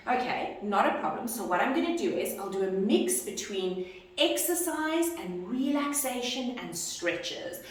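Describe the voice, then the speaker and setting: A woman fitness instructor talks through an online lesson in an expressive, coaching manner. Her voice bounces around a very echoey room. She sits some way from the microphone, so the sound is distant. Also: on the high side, measured pace, a little hiss or hum. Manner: expressive, acts out greetings to clients.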